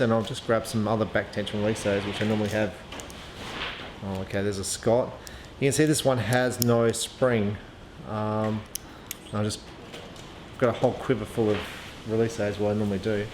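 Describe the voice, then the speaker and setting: A man casually reviewing archery gear, thinking aloud with frequent ums and restarts. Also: lowish voice. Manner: chatty, hesitant, lots of ums and restarts. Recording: echoey room with faint ambient noise.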